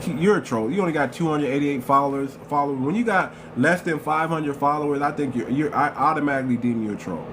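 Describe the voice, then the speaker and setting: A man's voice: a little high, fast talker, few pauses, background noise. A man hosting a live stream, talking in a confrontational way and repeating phrases for emphasis. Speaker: livestream host. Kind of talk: heated live-stream commentary.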